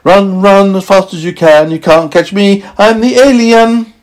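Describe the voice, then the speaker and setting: A man putting on a squeaky taunting alien. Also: lively intonation, normal speed, a bit bright. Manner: high sing-song taunting chant. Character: small runaway male alien, cheeky and playful.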